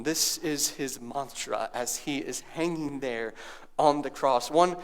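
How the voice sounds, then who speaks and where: A man's voice: medium pitch, takes it slowly, clear, resonant tone. A male pastor delivering a sermon, dropping to near-whispers and rising to raised, emphatic preaching. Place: church sanctuary.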